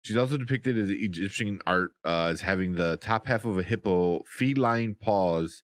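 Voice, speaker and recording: A man co-hosting a podcast, recapping a TV episode in a rambling, casual way that turns animated when he gets excited. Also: low voice, moderate pace, no echo. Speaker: podcast co-host.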